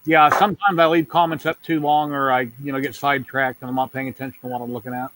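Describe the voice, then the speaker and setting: A man's voice: medium pitch, steady tone, fast talker, fairly bright tone. A middle-aged man hosting a casual video call hangout, talking in a rambling, folksy way and often saying "yeah, yeah". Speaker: host.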